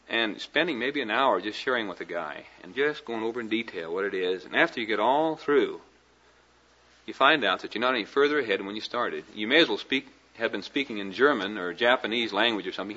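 A man's voice: mid-range voice, sharp tone, muffled recording. A man teaching a class on communication at a board, folksy and conversational, often checking in with his listeners. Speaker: Christian ministry teacher.

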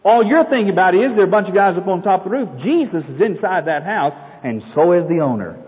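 Folksy male preacher, lively and high, telling a story in an echoey church hall on a dull recording. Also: quick pace. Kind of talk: sermon.

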